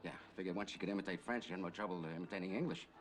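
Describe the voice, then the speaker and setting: A man playing a brash fast-talking agent. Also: deep voice, soft background music, natural voice. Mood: wheedling. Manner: fast, wheedling, animated patter. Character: brash fast-talking middle-aged male Hollywood agent. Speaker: talent agent. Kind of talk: 1960s film dialogue.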